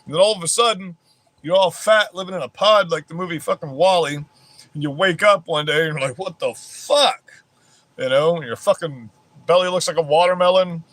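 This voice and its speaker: A man's voice: on the high side, a little fast, fairly bright tone. A man ranting on his vlog in a heated, rambling way, swearing constantly. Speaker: vlogger. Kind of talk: profane political rant.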